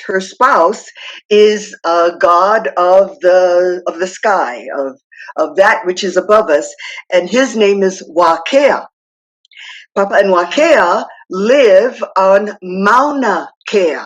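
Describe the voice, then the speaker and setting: A woman from Hawaii telling a traditional myth slowly and dramatically as a guest speaker. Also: medium pitch, animated, rough recording. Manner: slow, dramatic storytelling that acts out the characters.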